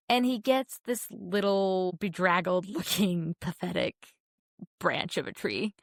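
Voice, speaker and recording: Young woman podcast co-host, heartfelt and a bit emotional, lowish pitch, dry close recording. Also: normal speed, no room sound. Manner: heartfelt, emotional, many restarts. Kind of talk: casual film chat.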